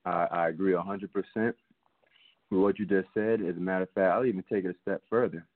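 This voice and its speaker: A man's voice: low-pitched, fairly even intonation, brisk, dry recording. A man co-hosting a casual sports talk show from his basement, ranting heatedly. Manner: heated, ranting with rising emphasis. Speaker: podcast co-host. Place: home basement. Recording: tinny phone-line sound.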